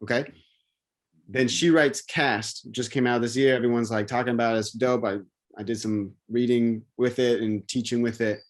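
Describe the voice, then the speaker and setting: A man in casual conversation, rambling and animated, with many restarts and fillers. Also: mid-range voice, moderate pace.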